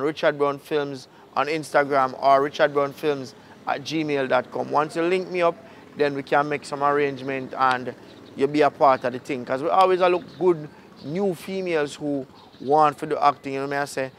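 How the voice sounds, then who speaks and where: Jamaican man chatting to viewers. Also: mid-range voice. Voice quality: Jamaican patois phrasing, relaxed. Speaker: filmmaker and channel host. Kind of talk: casual outro talk to viewers.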